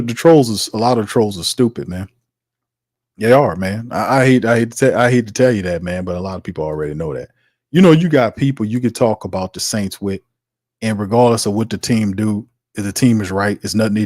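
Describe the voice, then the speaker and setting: A man's voice: lowish voice, darkish tone, no room sound, studio quality. A man hosting a sports talk livestream, ranting with exasperation, laughing often and tossing in "man" and "fam". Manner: laughs often, talks back to the chat. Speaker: sports talk show host.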